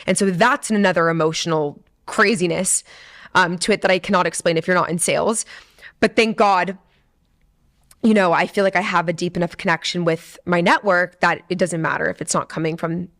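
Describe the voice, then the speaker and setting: Young female podcast host, lowish voice, candid and emotional, lots of fillers. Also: steady tone, brisk, fairly bright tone. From San Diego, USA. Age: 20s. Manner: emotional, chatty, full of "like" and swearing. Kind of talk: candid personal storytelling. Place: studio.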